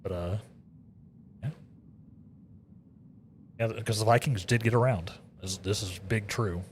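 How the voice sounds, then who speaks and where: A US man streaming a game keeps up an easygoing conversation with viewers, wandering off topic, repeating words, and addressing the chat directly. He sounds lowish and unhurried, with a faint hiss or hum underneath.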